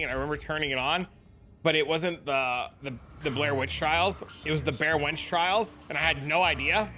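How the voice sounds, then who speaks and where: A man's voice: on the high side, sharp tone. A man streaming a game and telling crude joking stories in casual chat, swearing often.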